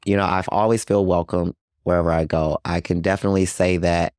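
Man, very low voice, earnest interview guest, lots of "you know", dry close sound. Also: flat delivery, fairly quick, a little mellow, clean tone, no echo. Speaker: guest, HIV outreach worker. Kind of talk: casual interview talk.

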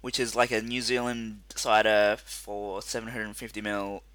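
A man co-hosting a casual chat, rambling and animated with lots of fillers. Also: lowish voice, normal speed, smooth, dry recording. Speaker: podcast co-host.

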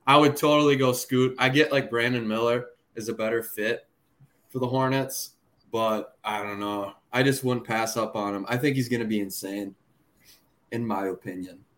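A man's voice: mid-range voice, fairly even intonation, moderate pace, fairly bright tone. A man, a guest on a sports podcast, talking in an enthusiastic, slangy way. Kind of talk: casual sports chat.

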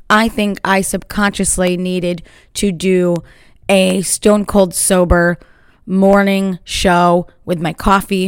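A woman's voice: medium pitch, dry recording. A woman hosting her own podcast, talking from a chair at home in a chatty, upbeat and rambling way. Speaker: podcast host. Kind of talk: casual solo podcast monologue. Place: at home in a chair by a sunny window.

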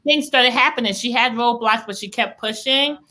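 This casual live-stream chat features a young woman hosting her podcast, eagerly discussing faith and business. She speaks on the high side at a moderate pace, her tone bright and forceful. She rambles with many restarts, enthusiastic and faith-filled.

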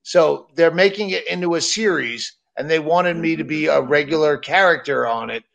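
Guest, male, from Massachusetts, gravelly and a little high, stammers and restarts often. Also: moderate pace, a bit bright, muffled recording. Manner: hesitant, stammering, lots of uh. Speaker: comedian guest. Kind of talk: casual chat.

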